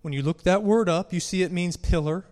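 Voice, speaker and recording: A man's voice: high-pitched, fairly quick, darkish tone. A man delivers a sermon in a slightly raised voice that carries an earnest, pressing tone. He climbs in force as he reads scripture aloud. His words ring out with a long hall reverb behind them. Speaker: preacher.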